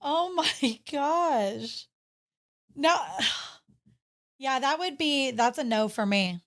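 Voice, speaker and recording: Slow-talking woman co-host, kinda high voice, drawn-out reactions. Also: animated, a bit bright. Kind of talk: casual chat.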